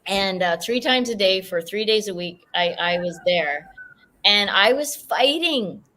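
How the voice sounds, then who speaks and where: A woman's voice: mid-range voice, lively intonation, unhurried, bright, forceful tone. A woman hosting a podcast interview, chatting expressively and telling a personal story. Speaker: podcast host. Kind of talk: podcast interview, casual chat.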